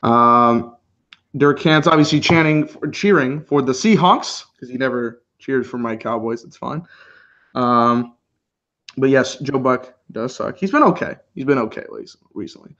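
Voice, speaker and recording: Co-hosting a live football reaction stream, this man chats casually, laughs a lot, and calls plays as they unfold. His voice sits at a medium pitch and moves at a measured pace, though the audio sounds dull.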